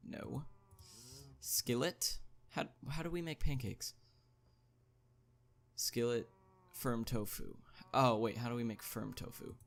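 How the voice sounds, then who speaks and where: A man hosting a gaming video, thinking aloud as he plays, chatty, with excited interjections. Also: medium pitch, slow pace, creaky, long pauses. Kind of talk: casual gameplay commentary.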